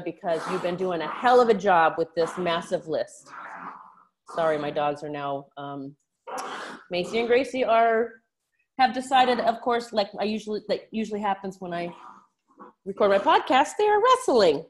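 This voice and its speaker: A woman life coach talking on her own podcast, frank and encouraging, who swears casually and calls her listeners out as a tough-love coach. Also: a little hiss or hum. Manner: frank, swears casually, animated shifts in pitch. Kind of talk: solo podcast coaching talk.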